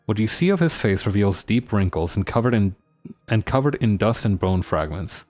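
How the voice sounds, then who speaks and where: A man's voice: fairly low pitch, animated, moderate pace, a little mellow, dry recording, soft background music. A man streaming a story game, reading its narration aloud with dramatic pacing and joking asides.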